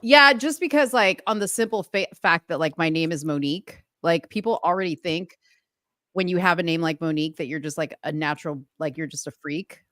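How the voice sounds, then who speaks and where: Brief: woman co-host, lowish voice, giggly and animated, close dry sound. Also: fairly quick, no room sound. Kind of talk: casual live-stream chat.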